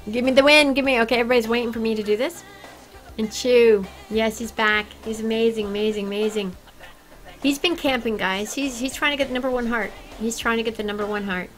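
A woman chatting casually and excitably with her viewers while she plays a game on a livestream. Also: on the high side, poor audio. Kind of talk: casual gaming livestream chat.

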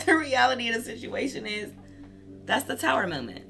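A woman's voice: a little high, big pitch swings, a little fast, gravelly, a bit bright, faint music behind. A woman giving a casual tarot reading, candid and profane, laughing often as she talks. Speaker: tarot reader.

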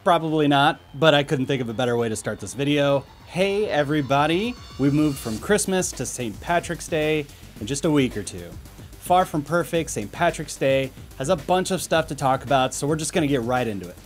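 A man's voice: a little high, animated, brisk, soft background music. A man hosting a casual commentary vlog, talking in a rambling, self-deprecating way. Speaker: video host.

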